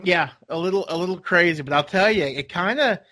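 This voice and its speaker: A man rambles through a story in a casual podcast chat. His voice sits a little high, and he drops into acted voices for the people in his story. The sound is dry and close to the mic. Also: a little fast, bright, forceful tone, no room sound. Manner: rambling storyteller, acts out voices, laughs often. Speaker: podcast co-host.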